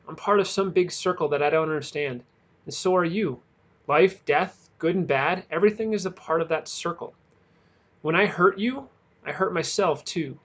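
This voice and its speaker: A battered teenage boy speaks with earnest, pained sincerity, his voice a touch higher than the reader's own. A man acts him out while reading a storybook aloud. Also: moderate pace, fairly bright tone. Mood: earnest remorse.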